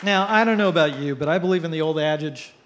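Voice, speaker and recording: A man's voice: on the high side, a bit bright, a faint crowd, slight background noise. Man giving a joke-filled speech. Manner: storytelling with punchline pauses. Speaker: editorial cartoonist giving a speech. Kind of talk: after-dinner speech with jokes. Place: cruise ship event.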